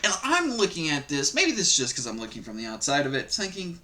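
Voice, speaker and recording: In this reaction video, the male host rambles through an animated, swear-filled rant about stories from the internet. His voice is a little high and he speaks fast.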